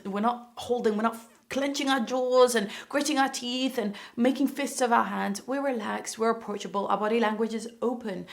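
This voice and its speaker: A woman with a gravelly edge to her voice talks straight to camera in a parenting lesson. She explains step by step in a calm, even way, slipping into short acted quotes of parent and child to show her point. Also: a little high. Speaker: parenting educator. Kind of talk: instructional talk to camera.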